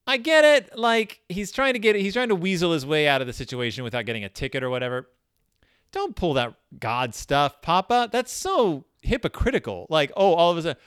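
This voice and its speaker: A man's voice: fairly high pitch, a bit bright, smooth, no echo, studio quality. A man giving a comedic commentary on a children's book, sarcastic and exasperated, often scolding the characters directly. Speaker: book reviewer.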